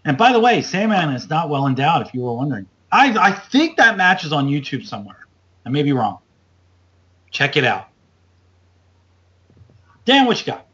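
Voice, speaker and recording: A man tells stories on his podcast in a rambling, animated way, jumping up in pitch whenever he acts out what someone said. His voice sits a little high for a man. The recording is dull and lo-fi. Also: moderate pace, long pauses. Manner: animated, loose storyteller, acts out quotes with big jumps up in pitch. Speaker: podcast host. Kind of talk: casual storytelling chat.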